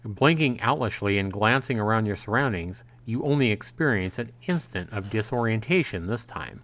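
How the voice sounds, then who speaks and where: A man's voice: lowish voice, expressive, moderate pace, few pauses, a bit bright, dry recording. A man streaming a visual novel, reading the narration aloud with frequent fillers and self-corrections. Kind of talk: let's-play narration.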